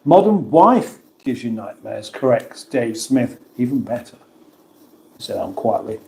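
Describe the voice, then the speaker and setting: A man's voice: mid-range voice, sing-song, measured pace, vocal fry, a little mellow, roomy sound. A man hosting a casual livestream, reading viewers' comments aloud and answering them in a chatty, self-mocking way. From England. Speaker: livestream host reading chat.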